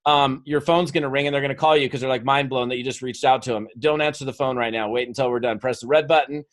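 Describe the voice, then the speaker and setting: A man's voice: medium pitch, fairly even intonation, fast. A man speaking live to an audience as a motivational speaker, coaxing them through an exercise and telling stories with acted quotes. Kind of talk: live seminar talk to an audience.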